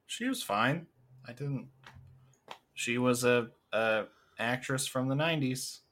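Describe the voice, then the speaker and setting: A man co-hosting a casual podcast chat about films, blunt and quick to swear when he gets heated. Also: medium pitch, fairly bright tone. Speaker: podcast co-host.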